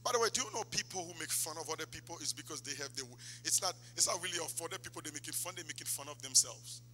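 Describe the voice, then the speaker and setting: Impassioned preacher, high bright voice. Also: male voice, racing, soft background music. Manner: impassioned, swings from loud exhortation to low asides. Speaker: pastor. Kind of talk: sermon. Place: church sanctuary. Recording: long church hall reverb.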